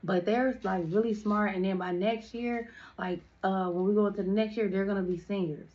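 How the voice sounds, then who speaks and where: A woman's voice: mid-range voice, steady tone, moderate pace, a little mellow, dull audio. A young woman chatting through a storytime in a casual, slangy way, with lots of "like" fillers.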